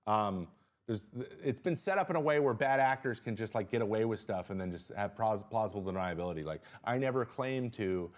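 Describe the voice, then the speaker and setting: A man casually hosting a live stream from a small studio. His talk is loose and full of fillers and restarts. When something surprises him, his voice jumps sharply up in pitch. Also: a little fast. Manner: animated, jumps high in pitch when reacting. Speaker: host.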